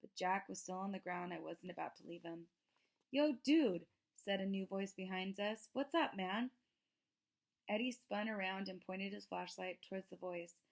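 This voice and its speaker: A woman reads a children's novel aloud in a steady, even narrating voice. Her voice has a gravelly, creaky texture and sits at a middle pitch. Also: normal speed, hardly any pauses. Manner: steady storytelling. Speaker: reader.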